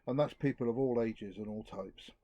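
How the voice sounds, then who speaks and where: A middle-aged man giving an earnest outdoor talk to a youth group, reflective and lively. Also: mid-range voice, moderate pace, no room sound, muffled recording. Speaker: youth speaker.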